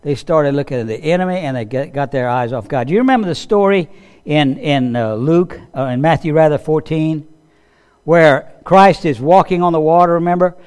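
A pastor preaching with a slightly high voice. He is conversational and tells his stories vividly. He keeps turning to the listeners with questions. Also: normal speed, smooth. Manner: animated storytelling that acts out quoted voices. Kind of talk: sermon.

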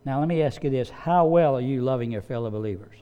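A man's voice: mid-range voice, fast, smooth, lo-fi sound. A man preaching a sermon as pastor, emphatic and repeating key phrases for weight.

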